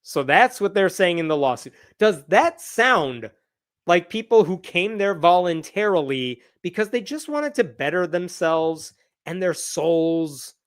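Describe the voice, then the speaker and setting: A man's voice: high voice, sing-song, measured pace. A man hosting a livestream news roundup, commenting in an incredulous, sarcastic way. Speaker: host.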